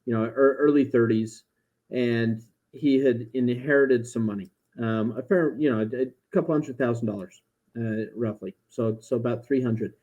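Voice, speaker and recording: A man in a relaxed podcast chat, recounting a story from his work as a financial planner. His speech is mid-pitched, and he doubles back and repeats words as he goes. He sounds natural and unscripted. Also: normal speed, dull audio. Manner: anecdotal, many restarts and repeated words.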